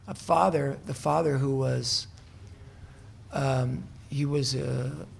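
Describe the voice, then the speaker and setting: Guy w a really gravelly voice rambling thru a story, soft spoken, hotel room interview. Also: medium pitch, steady tone, takes it slowly. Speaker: musician guest. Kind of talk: casual interview conversation.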